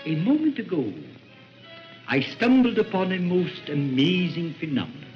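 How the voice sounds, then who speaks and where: An actor with a Hungarian accent playing a suave aristocratic male vampire count, measured and hollow. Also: high voice, sing-song. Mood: ominous. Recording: dull 1930s film soundtrack with faint music.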